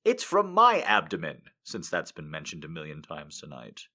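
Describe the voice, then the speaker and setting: A man hosting a live show, reading a story aloud and then chatting casually, animated and swinging between hushed and loud. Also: a bass voice, moderate pace. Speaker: reader and live show host.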